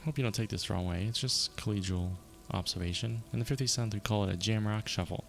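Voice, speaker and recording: Man reading a low, gravelly, dry and polite lieutenant. Video game. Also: fast. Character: calm, formal male police lieutenant.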